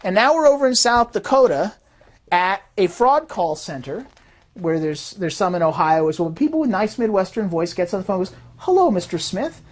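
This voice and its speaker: An animated woman giving an explanatory talk. Her pitch swings widely, rising and dropping as she acts out little quoted voices. She sits in the middle of the usual range for a woman. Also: normal speed. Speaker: fraud detection systems designer.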